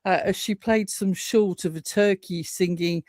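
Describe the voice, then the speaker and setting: A woman's voice: fairly low pitch, fairly even intonation, a little slow, a little mellow, no room sound, clean studio sound. A woman co-hosting a casual live-stream chat, telling stories with an indignant, chatty manner. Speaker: co-host.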